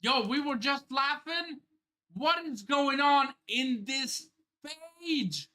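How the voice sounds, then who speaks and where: Slow-talking bright-voiced woman streamer. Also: high voice. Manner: exclaims, swears and laughs, thinking aloud. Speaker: streamer hosting a live manga reaction. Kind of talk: excited live reaction commentary.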